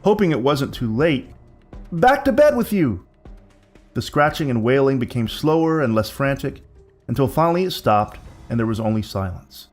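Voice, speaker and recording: A man's voice: mid-range voice, animated. Male horror story narrator with faint music. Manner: measured, building suspense.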